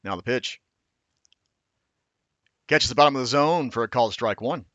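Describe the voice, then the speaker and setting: A man calling baseball play by play in a steady, measured way, now and then correcting himself. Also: medium pitch, no echo, dull audio. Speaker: play-by-play announcer.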